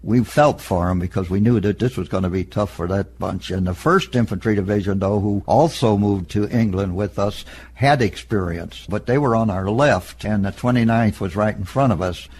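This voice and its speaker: An elderly man in an oral history interview, recalling past events in a plain, matter-of-fact storytelling way with a husky voice. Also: fairly low pitch, normal speed, few pauses, darkish tone. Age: older. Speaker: interviewee, veteran.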